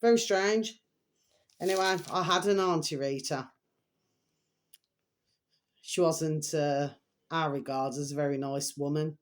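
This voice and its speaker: A woman's voice: deep voice, unhurried, long pauses. An older woman, telling a rambling, emotional family story to her camera and repeating fond pet phrases. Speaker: vlogger.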